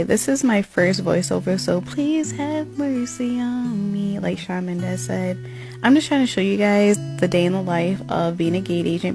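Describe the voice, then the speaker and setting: A young woman, an airport gate agent, chattily narrating her workday in a casual vlog voiceover. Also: fairly low pitch. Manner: chatty, walking through her workday step by step. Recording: faint music behind.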